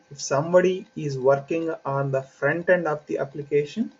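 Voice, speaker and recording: Male software trainer, patient step-by-step explainer, slightly high voice, muffled lo-fi recording. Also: slightly rough. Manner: unhurried, explains step by step with fillers. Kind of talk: online training lecture. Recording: dull lo-fi audio with faint hiss.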